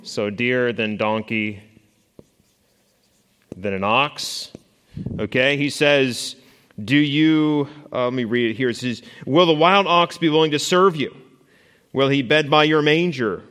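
A man's voice: mid-range voice, takes it slowly, pauses often, a bit bright, clean tone, long reverb tail. A man teaching a Bible study lesson to a class, talking conversationally with fillers and restarts and asking the group questions. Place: classroom or church hall with a board. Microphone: stationary mic he moves away from while walking.

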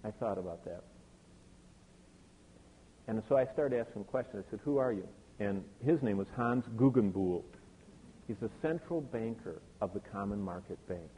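A man's voice: lowish voice, lively intonation, moderate pace, pauses often, warm tone, slight background noise. An older man preaching a sermon, telling a personal story to his congregation with many asides. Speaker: pastor. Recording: tinny phone-like sound with long hall reverb.

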